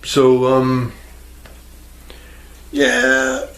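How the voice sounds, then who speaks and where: A man's voice: mid-range voice, sing-song, very slow, vocal fry, a bit bright. A man rambling casually to the viewer in a crude, self-mocking home vlog, recorded on a camera mic at home. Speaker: YouTuber. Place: indoors at home, near a fish tank. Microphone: camera microphone.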